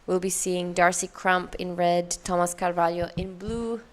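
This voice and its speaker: A woman's voice: lowish voice, steady tone, measured pace. Upbeat female surf analyst. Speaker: surf commentator. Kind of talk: live sports commentary.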